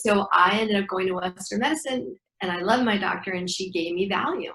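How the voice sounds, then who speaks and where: Animated woman breathwork teacher, echoey room. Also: mid-range voice, a little fast. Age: middle-aged. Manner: animated storyteller acting out dialogue. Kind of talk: guiding breathing exercises in an interview.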